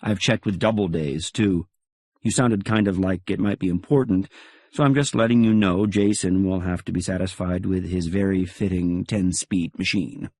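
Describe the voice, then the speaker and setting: A man reading an audiobook, voicing a sharp, probing wife who is a psychiatrist, with clipped, suspicious questions. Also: sits low, steady tone, normal speed, husky, no room sound, studio quality. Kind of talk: audiobook character voice.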